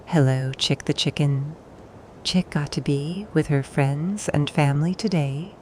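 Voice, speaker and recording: A woman narrating bedtime stories for toddlers, soft and soothing, pausing for the child to answer. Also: low voice, slight background noise. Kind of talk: gentle bedtime storytelling for toddlers.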